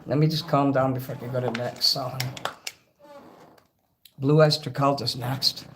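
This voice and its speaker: A man's voice: mid-range voice, flat delivery, normal speed, a little hiss or hum. A man hosting a karaoke livestream, chatting casually between songs, rambling and thanking viewers by name. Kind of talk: casual live-stream chat between songs.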